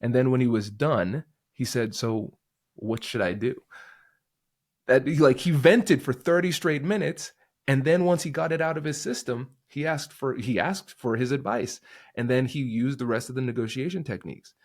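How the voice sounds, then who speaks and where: Brief: male podcast guest, mid-pitch, emphatic and animated, close dry mic. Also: normal speed, dry recording. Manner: energetic, emphatic, acts out quoted voices. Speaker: negotiation expert guest. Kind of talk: conversational podcast interview.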